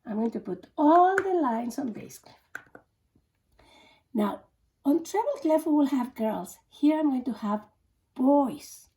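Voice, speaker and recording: A woman's voice: high-pitched, lively intonation, slow pace, long pauses, mellow. A woman music teacher giving a children's theory lesson in a sing-song teaching voice, chanting mnemonics.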